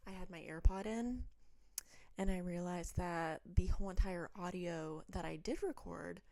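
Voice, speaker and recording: Chatty young woman, mellow low voice. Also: moderate pace, no echo. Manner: chatty, rambling asides. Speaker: vlogger reading online stories. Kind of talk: casual chat and reading aloud.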